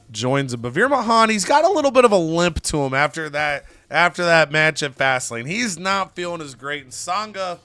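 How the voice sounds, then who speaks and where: A young adult man hosting and narrating a wrestling game playthrough as an animated storyteller. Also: on the high side, clear, resonant tone, no echo. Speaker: gaming host.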